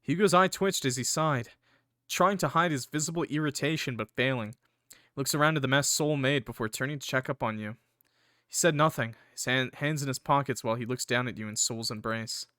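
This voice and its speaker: A young man reading a visual novel aloud as a gaming creator, breaking off into excitable, swearing reactions. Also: mid-range voice, a little fast, dry recording, clean studio sound.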